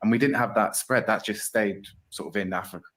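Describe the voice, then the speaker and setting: Guy in an interview clip, lowish voice, rambles with likes and uhs. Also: brisk, fairly bright tone. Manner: rambling, many fillers. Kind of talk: casual interview chat.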